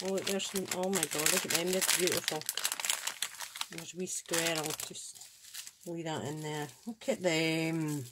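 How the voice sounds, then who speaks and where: A woman's voice: deep voice, steady tone, unhurried, background noise. A Scottish woman hosting a crafts channel, chatting casually and gushing with admiration as she opens and looks over craft supplies. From Scotland. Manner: gushing, admiring, thinks aloud. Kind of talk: casual unboxing chat.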